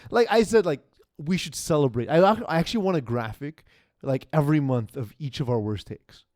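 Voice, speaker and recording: Male podcast host, young, mellow tone, rambling and self-mocking, dry close mic. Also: on the high side, expressive, no room sound. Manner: rambling, self-deprecating, quick asides. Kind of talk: casual sports podcast chat.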